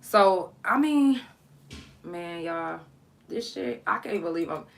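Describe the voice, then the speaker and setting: A woman's voice: fairly low pitch, lively intonation, slow, vocal fry, slight background noise. A woman podcast host telling a personal story in a candid, blunt, emotional way.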